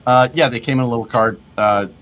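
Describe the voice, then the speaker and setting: A man co-hosting a casual livestream, relaxed, laughing often as he reads viewer comments aloud. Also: medium pitch, quick pace. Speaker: livestream co-host.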